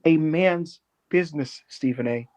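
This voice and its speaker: A man co-hosting a casual wrestling chat show, animated and quick to laugh. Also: a little high. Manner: animated, laughing, slips into shouted impressions. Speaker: podcast co-host. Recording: dull lo-fi audio.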